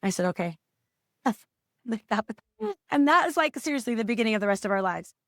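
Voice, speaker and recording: A middle-aged woman, a parent coach, telling a personal story as a podcast guest, reflective and halting, often restarting her sentences. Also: a little high, expressive, dry recording, clean studio sound. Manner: reflective, halting, with frequent restarts and soft laughs.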